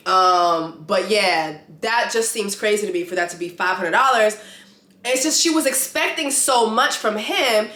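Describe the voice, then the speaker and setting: A woman with a bright, fairly high voice, ranting bluntly about a reality show and swearing freely. She talks in an animated, casual vlog style. The room adds a noticeable echo. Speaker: vlogger reviewing a reality show. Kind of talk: casual opinionated vlog rant. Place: lives in Atlanta.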